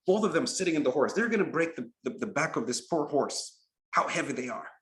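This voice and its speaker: Guy putting on snooty gossiping townsfolk, a bit higher, echoey room. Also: expressive, fairly quick, a bit bright. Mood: scornful. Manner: scornful, gossiping. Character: gossiping villagers mocking travellers, scornful. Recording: roomy echo.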